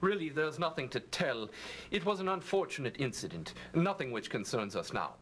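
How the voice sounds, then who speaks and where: An actor playing an evasive older gentleman in a video game who brushes off questions curtly. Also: mid-range voice, sing-song, normal speed, a little hiss or hum. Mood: dismissive. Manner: curt and dismissive. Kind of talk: full-motion video game acting.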